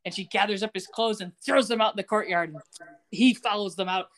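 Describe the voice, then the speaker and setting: A woman's voice: a little fast, fairly bright tone. A woman co-hosting a podcast, casually recapping a television episode and acting out the characters' lines with laughs. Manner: acts out characters' lines with shifting pitch, laughs often. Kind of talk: casual chat, animated plot retelling.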